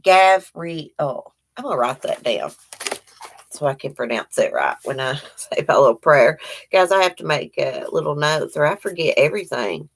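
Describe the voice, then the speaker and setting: A woman's voice: low-pitched, animated, normal speed, vocal fry. A middle-aged woman from Virginia, hosting a casual live chat and greeting viewers by name in a rambling, chatty way. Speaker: livestream host.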